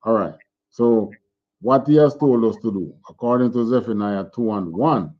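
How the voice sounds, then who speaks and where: A man with a fairly low voice teaches scripture over a video call. He talks haltingly, repeats words and keeps asking his listener questions. The call audio is dull and lo-fi. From Jamaica. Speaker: religious teacher. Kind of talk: online scripture class.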